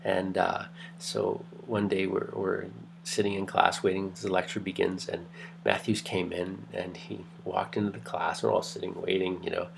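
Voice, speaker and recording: A man's voice: low-pitched, flat delivery, normal speed, gravelly, noisy background. A middle-aged man giving a casual university lecture, telling anecdotes in a rambling way with many restarts. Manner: rambling, restarts, lots of fillers.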